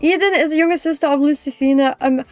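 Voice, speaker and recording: A woman's voice: high-pitched, fairly even intonation, fast, a little mellow, no room sound, soft background music. A young British woman livestreaming, chatting with viewers in a rambling, teasing way and laughing easily. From Britain. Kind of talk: casual chat with live viewers.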